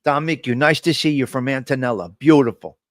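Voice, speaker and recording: A man's voice: medium pitch, moderate pace, no echo, clean studio sound. A man hosting a casual live stream, joking loosely and calling out his chat viewers by name. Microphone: desk microphone.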